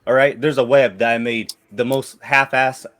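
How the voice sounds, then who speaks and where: An American man on a casual group call, pitching a story in a rambling, profane way with many restarts. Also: steady tone, moderate pace, fairly bright tone. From United States. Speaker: podcast panelist presenting a topic.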